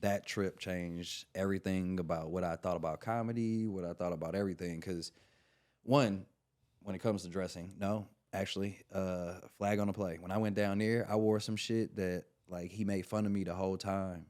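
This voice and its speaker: A comedian with a fairly low voice spins a casual, slang-heavy story on a podcast. He acts out each quote as he goes and swings between laid-back and animated. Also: moderate pace.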